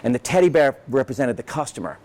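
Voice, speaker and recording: A man's voice: mid-range voice, sing-song, fast talker, a little mellow. A man speaking as a guest at a business event, telling stories in a sarcastic, rambling way with frequent profanity and tag questions. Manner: sarcastic, rambling, profane, peppered with "right?" and "you know". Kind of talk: animated conversational storytelling.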